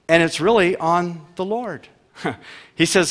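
A man preaching with emphatic force, his voice set a little higher than most men's. He poses rhetorical questions and swings between loud peaks and quiet drops. A long reverb trails his words, as if from a large sanctuary. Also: slow. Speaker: pastor. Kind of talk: sermon.

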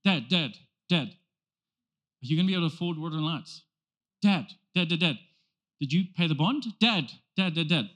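A man's voice: fairly high pitch, lively intonation, normal speed, pauses often, fairly bright tone, pitched below the performer's own voice. A man voicing a nagging child who pesters a father with questions, over and over. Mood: pestering. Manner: repetitive, pestering.

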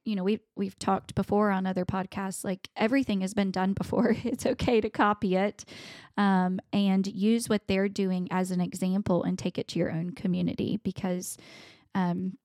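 A woman's voice: medium pitch, little pitch movement, normal speed, hardly any pauses, darkish tone, dry recording, studio quality. A woman co-hosting a podcast in casual chat, upbeat and rambling with many fillers. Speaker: podcast co-host.

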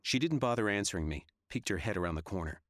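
An audiobook narrator reads a gritty novel in a steady, measured manner, his voice very low. The recording is close and dry, with no room sound and no echo.

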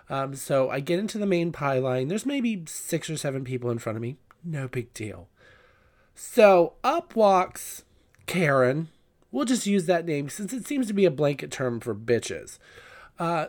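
A man with a slightly higher voice talks through a casual podcast story. He is gossipy and profane, and he fills the gaps with lots of ums and uhs. It sounds like a solo host chatting to his listeners. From Southern California.

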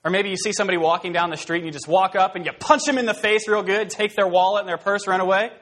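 Conversational male preacher, slightly high voice. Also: fast talker, hardly any pauses. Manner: casual, conversational, with fillers and asides; animated storytelling, acting out scenes. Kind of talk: expository sermon.

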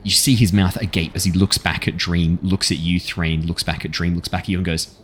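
A man narrating as dungeon master in a tabletop game, talking casually with lots of fillers and quick laughs. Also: deep voice, level tone, a bit bright, soft background music. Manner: casual, many fillers, laughs at his own jokes.

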